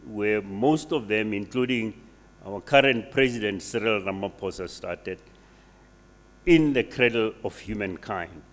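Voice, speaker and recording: A man giving a measured, formal welcome speech. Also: mid-range voice. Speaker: university speaker welcoming officials. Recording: reverberant hall.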